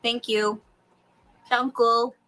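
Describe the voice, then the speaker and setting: Bright-voiced woman ranting with swear words. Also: a little high, flat delivery, very slow. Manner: swears heavily, ranting at viewers. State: stressed and angry. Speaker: vlogger filming herself. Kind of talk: profane venting vlog.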